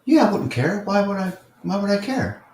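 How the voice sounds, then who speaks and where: This man's voice sits high, sing-song and a touch mellow, moving at a normal pace. Hosting a casual morning livestream with a New York accent, he replies to viewers by name and keeps emphasizing his points through repetition, recorded in an echoey space.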